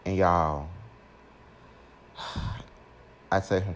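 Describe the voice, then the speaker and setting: A young man telling a personal story to his viewers in a casual, animated way, speaking straight to his audience. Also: fairly low pitch, moderate pace, slight background noise. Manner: animated, keeps addressing listeners directly. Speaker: storytime vlogger.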